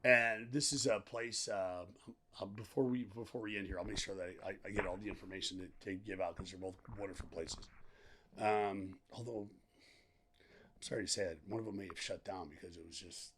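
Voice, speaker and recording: A middle-aged man, a podcast guest, telling a candid story in a rambling, animated way, acting out the lines of the people in it. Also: on the low side, moderate pace, a little hiss or hum. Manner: animated, rambling, acts out quoted dialogue, laughs often.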